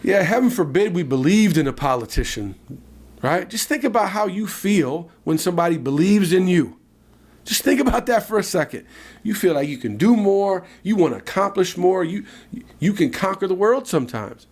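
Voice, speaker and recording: A man with a fairly high voice tells a story on a casual podcast. He talks in an animated way, full of lively asides. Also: normal speed. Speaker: podcast co-host.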